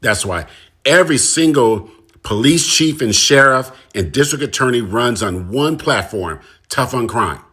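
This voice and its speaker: A male commentator delivers an impassioned monologue directly to his audience, driving points home by repeating phrases. His mid-range voice is animated and unhurried, with a sharp, slightly rough tone.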